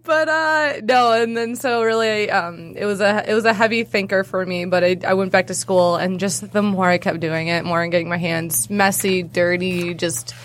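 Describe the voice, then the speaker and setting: A woman's voice: mid-range voice, normal speed, hardly any pauses. A young adult woman, a hairstylist and cosplayer, chatting as a podcast guest in a bubbly way with frequent laughs. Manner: bubbly, laughs often, lots of fillers. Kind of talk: casual interview chat.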